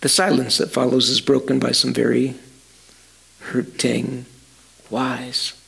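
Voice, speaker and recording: Man, storytelling sermon, gravelly, dramatic pauses, talks to the audience. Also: mid-range voice, monotone, a bit bright. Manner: slow, dramatic, speaks to listeners directly. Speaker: storyteller preacher.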